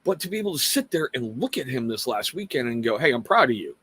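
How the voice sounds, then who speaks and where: A man's voice: medium pitch, big pitch swings, fast, a bit bright, husky. Earnest, rambling middle-aged man. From Washington State. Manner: earnest, conversational, rambling with self-mocking jokes. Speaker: livestream host. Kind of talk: casual personal talk to viewers.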